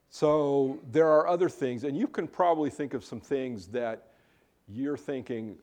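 Pastor, man, relaxed mellow voice, chatty sermon delivery with frequent restarts. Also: mid-range voice. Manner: conversational, with self-interrupting restarts. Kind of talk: casual sermon, Bible teaching.

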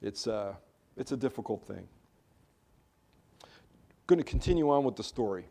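A man's voice: medium pitch, animated, moderate pace, vocal fry, mellow. A man preaching a casual sermon as pastor, conversational and restarting his sentences as he teaches. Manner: conversational, with self-interrupting restarts.

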